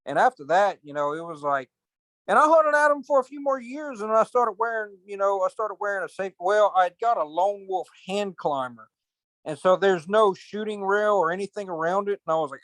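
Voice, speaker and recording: A man's voice: high voice, expressive, fairly bright tone, no echo. Drawling man telling hunting stories. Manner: rambling, colloquial, drawn-out storytelling with cursing. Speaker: podcast host. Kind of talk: casual storytelling chat.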